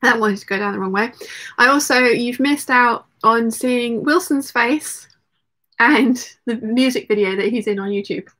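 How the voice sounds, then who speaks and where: A woman's voice: a little high, moderate pace, a bit bright. A woman hosting a casual livestream from home, reading out chat messages, laughing often and talking while she eats. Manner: chatty, laughs often, talks while eating.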